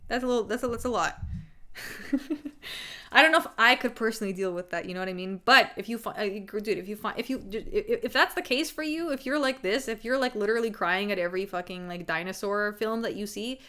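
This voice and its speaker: A young adult woman talks casually on her live stream, candid and rambling, full of filler words and swearing. She laughs often and speaks into a desk microphone at a middling pitch. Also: quick pace, sharp tone. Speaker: streamer hosting a fight-picks live stream. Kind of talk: casual chat.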